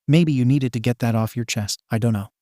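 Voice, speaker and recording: A man's voice: mid-range voice, fairly quick, mellow, no room sound, studio quality, natural voice. A man voicing a laid-back teenage boy vigilante who talks casually and awkwardly, with some swearing.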